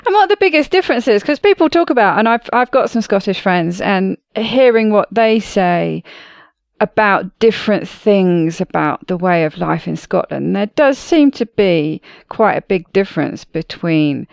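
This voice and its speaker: A woman's voice: mid-range voice, expressive, normal speed, vocal fry, no echo. A British woman hosting a podcast, reading a scripted introduction and then chatting in a friendly way with her guest. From Britain. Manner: friendly, chatty, laughs often. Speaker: podcast host. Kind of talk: scripted intro then casual interview chat.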